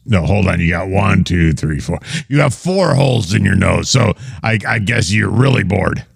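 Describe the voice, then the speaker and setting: A man hosting a comedy talk show, mocking his guests with big swings in pitch. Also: expressive, moderate pace, vocal fry, few pauses, breathy edge, no echo, studio quality. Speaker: host.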